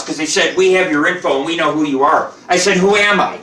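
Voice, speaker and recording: Foul-mouthed, boastful male host; high, bright voice, recorded off-mic in an echoey kitchen. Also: expressive, brisk, distant mic, a little hiss or hum. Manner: profane, boastful, rambling. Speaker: show host. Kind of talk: rambling live cooking show chat. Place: home kitchen. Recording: roomy echo, off-mic.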